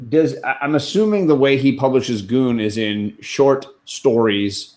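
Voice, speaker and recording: Relaxed male guest from California, casual chat, reads live comments. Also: mid-range voice, unhurried. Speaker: guest comic channel host.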